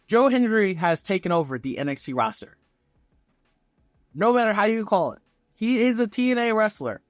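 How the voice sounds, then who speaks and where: A man talking as a vlogger, giving casual fan commentary in an excitable, profane, rambling way. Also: sits high, no echo, clean studio sound. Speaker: wrestling vlogger.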